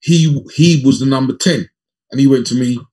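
Husky-voiced man telling stories. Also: medium pitch, moderate pace. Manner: animated anecdotes acting out quoted dialogue. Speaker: former professional footballer, guest. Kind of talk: conversational storytelling in an interview.

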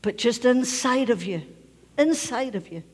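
A husky, higher-pitched woman from Scotland preaches in a church sanctuary at a slightly slow pace, animated and emphatic. She repeats key phrases and sometimes falls to a near whisper, and long church reverb fills the sound.

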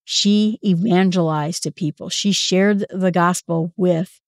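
A woman's voice: lowish voice, fairly even intonation, takes it slowly, no echo. Woman Bible teacher, casual and conversational, dry recording. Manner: conversational, quotes figures in everyday speech.

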